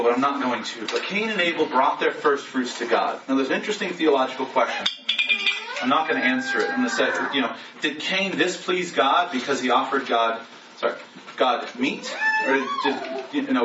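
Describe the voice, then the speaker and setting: A man preaching as a pastor in a conversational style, asking the congregation rhetorical questions. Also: mid-range voice. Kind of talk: sermon. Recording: roomy echo, distant mic, lo-fi with noise.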